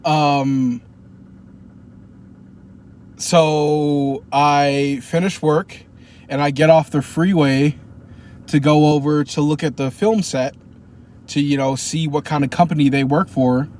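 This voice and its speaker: A man's voice: on the high side, steady tone, slow, pauses often, darkish tone. A man vlogging casually from his car as he drives, rambling and swearing, with lots of fillers. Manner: rambling, profane, with many fillers. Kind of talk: casual driving vlog. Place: in a car while driving. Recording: car cabin with clear road noise. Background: road and traffic noise.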